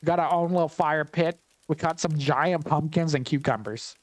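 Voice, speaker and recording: Male gameplay commentator, wry and chatty, thinks aloud, slightly high voice. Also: normal speed, dry recording.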